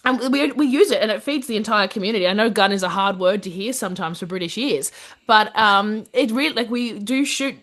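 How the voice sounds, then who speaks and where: A woman's voice: medium pitch, lively intonation, brisk, a bit bright. A young woman from Australia with an Australian accent, telling stories as a podcast guest and laughing often. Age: young adult. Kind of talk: casual storytelling interview. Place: podcast studio in London.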